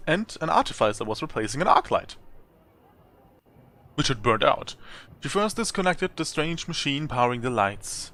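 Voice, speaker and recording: Bright-voiced man reading a game aloud. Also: mid-range voice, big pitch swings, moderate pace, long pauses. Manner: reads with chatty asides and chuckles. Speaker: let's play host.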